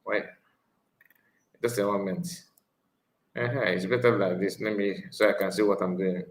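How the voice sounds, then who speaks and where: A man giving casual, drawn-out commentary, pausing often between remarks. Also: lowish voice, fairly even intonation, echoey room. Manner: slow, drawn-out remarks with frequent pauses. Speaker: channel host reacting to a clip.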